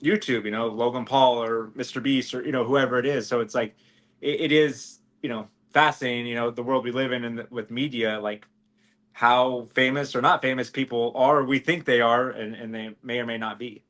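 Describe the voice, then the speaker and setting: He co-hosts a podcast, chatting casually at a normal speed in a steady, mid-range, fairly bright voice. Lots of fillers and restarts mark his rambling delivery.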